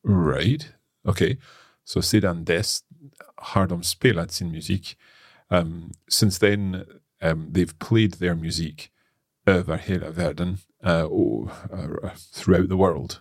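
A man hosting a casual lesson, working through phrases aloud with halting restarts and frequent laughs. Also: deep voice, breathy edge, dry recording, studio quality. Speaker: language learner host.

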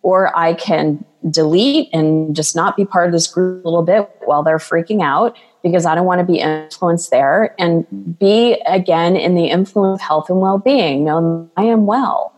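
A woman talks as a guest coach in an earnest, flowing way, now and then acting out the voices of others. Her voice sits a little low, and a long reverb trails behind it. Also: normal speed, few pauses, darkish tone. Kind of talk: casual interview talk.

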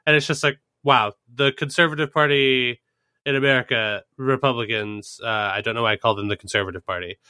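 Wry bright-voiced man. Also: medium pitch, brisk, smooth, no echo, studio quality. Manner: wry, joking. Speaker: podcast co-host. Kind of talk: casual political chat.

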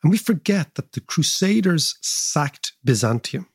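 Man, 50s, husky, dry close sound, expansive, lecturing, casual podcast chat. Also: a little high, lively intonation, measured pace, dry recording. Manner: expansive, lecturing, digressive with asides. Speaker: podcast co-host.

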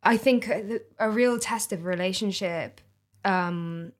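A woman hosting a podcast in casual chat, candid and sweary, quick to laugh. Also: medium pitch. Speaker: podcast host.

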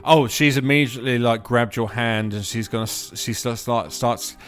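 A man narrating as game master of a tabletop game, playful and giggly, with quick voiced asides. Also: medium pitch, fairly bright tone, faint music behind.

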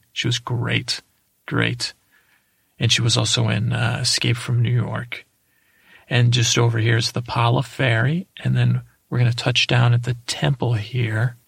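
Man, heavy vocal fry, husky, flat monotone, rambling hesitant tour-guide bit, dry close sound. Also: medium pitch, dry recording. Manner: rambling, hesitant, drifting off topic; dull, lulling delivery. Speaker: comedian playing a tour guide. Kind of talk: improvised comedic monologue.

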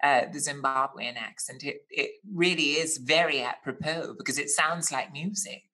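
A man's voice: fairly high pitch, moderate pace, pushed and bright, rough recording. A man hosting a chat show, flamboyant and fond of ornate, elaborate words. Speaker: host. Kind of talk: casual chat.

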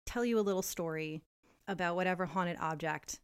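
A young adult woman co-hosting a casual podcast, telling a story in an animated way and laughing often. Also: on the low side, brisk, clear, resonant tone. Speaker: podcast co-host. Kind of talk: casual chat.

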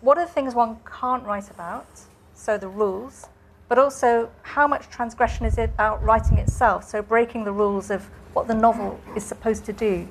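A woman's voice: fairly high pitch, steady tone, normal speed, a little hiss or hum. A woman moderating a panel discussion, thoughtful and a little hesitant, laughing easily. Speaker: event moderator.

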